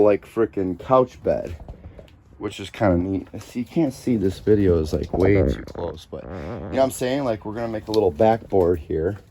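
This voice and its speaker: Low, mellow-voiced rambling man vlogger. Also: a little hiss or hum. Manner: chatty, scattered, jumps between topics. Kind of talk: casual rambling vlog. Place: at home, then outdoors in a store parking lot.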